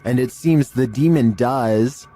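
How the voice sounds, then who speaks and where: A man doing scripted narration of eerie clips in a slow, ominous storytelling way. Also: mid-range voice, music in the background.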